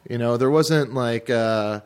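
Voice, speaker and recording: A man's voice: mid-range voice, slow pace, clean tone. A man in casual podcast chat, rambling and hesitant, full of fillers as he talks.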